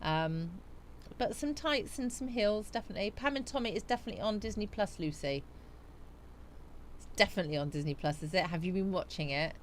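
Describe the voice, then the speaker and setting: A woman's voice: medium pitch, expressive, a little fast, a little hiss or hum. A woman livestreaming a casual chat, rambling with lots of ums as she reads out viewer comments. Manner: chatty and rambling, with many ums.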